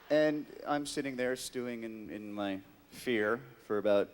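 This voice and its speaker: A middle-aged man telling an animated story to a convention audience, jumping into high squeaky voices to act out the people in it. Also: slow, smooth. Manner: animated, mimics voices in his anecdote. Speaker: convention guest actor. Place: large convention hall. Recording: long hall reverb.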